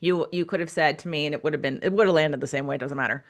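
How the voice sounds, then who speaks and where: A middle-aged woman hosting a podcast, coaching listeners in an animated, emphatic way, repeating phrases for emphasis. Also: low voice, rapid-fire. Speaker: podcast host and business coach. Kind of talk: casual coaching talk.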